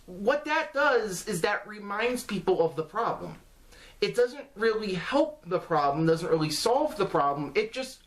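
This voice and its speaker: A man vlogging casual advice to camera in an earnest, halting way, with many restarts and fillers. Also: high voice.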